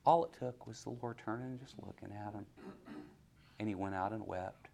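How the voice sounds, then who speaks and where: A man preaching a sermon, asking the congregation questions and swinging from hushed near-whispers to loud, rising exhortation. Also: fairly low pitch, normal speed, gravelly, a little hiss or hum.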